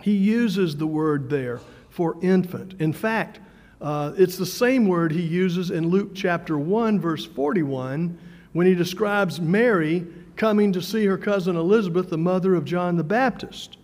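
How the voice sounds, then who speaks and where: A man preaching a sermon in a conversational way, with fillers and repeated words, slowing down for emphasis. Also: high-pitched, darkish tone. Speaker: pastor. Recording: long hall reverb.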